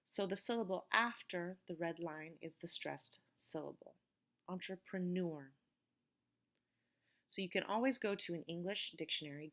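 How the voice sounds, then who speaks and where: A woman teaching an English vocabulary lesson, speaking words slowly and clearly to explain word stress. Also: fairly low pitch, fairly bright tone.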